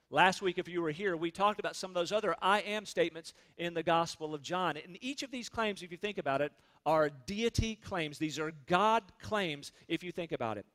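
A male pastor preaching a sermon with emphatic stresses and quiet drops. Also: sits high, moderate pace. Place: church sanctuary.

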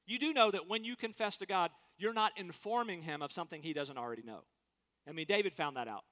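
Bright-voiced preacher in a reverberant hall. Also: male voice, high voice, fast talker. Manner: earnest, emphatic preaching with acted-out quotes. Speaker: pastor. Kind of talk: sermon.

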